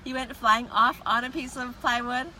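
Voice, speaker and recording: A livestream host chats casually with her viewers from a parked car with the windows down, greeting them and laughing often. Her voice sits on the high side, with a level tone, normal speed, and a sharp edge. Faint traffic noise drifts in through the open windows.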